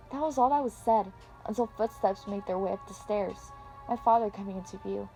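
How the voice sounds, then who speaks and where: Woman reading a dramatic fanfic out loud, expressive, quiet music underneath. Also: mid-range voice, brisk, rough recording. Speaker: story reader. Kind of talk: first-person story reading.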